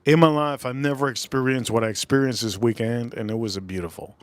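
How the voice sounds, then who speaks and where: A man's voice: mid-range voice, fairly even intonation, quick pace, no echo. A man hosting a live stream in a loose, repetitive, chatty way, calling out viewers' names one after another. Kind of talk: casual live stream chat.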